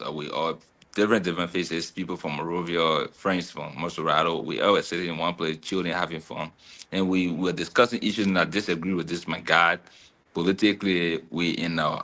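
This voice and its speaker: A man in a casual talk-show chat, telling stories in a lively way and often repeating his words. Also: deep voice. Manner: animated storytelling, repeats words.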